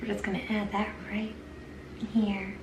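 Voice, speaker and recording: A woman's voice: medium pitch, monotone, a little slow, far from the mic. A young woman casually reviewing makeup for her channel, chatty and enthusiastic, talking straight to her viewers. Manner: chatty, enthusiastic, addresses viewers as "you guys". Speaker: beauty vlogger. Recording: echoey room, voice a little off-mic, faint hiss.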